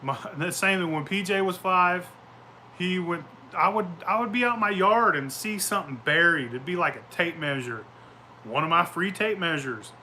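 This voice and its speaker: Bright-voiced, profane storytelling man. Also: high-pitched, lively intonation, moderate pace, a little hiss or hum. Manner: profane, rambling, laughing storyteller. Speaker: vlogger. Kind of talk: casual chat. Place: outdoors at home.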